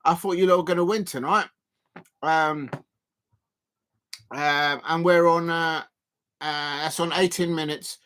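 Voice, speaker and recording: A man commentating live on a football match for his stream, rambling with many fillers and breaking into excited shouts at chances. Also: fairly high pitch, unhurried, pauses often, slight background noise. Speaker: football watch-along streamer.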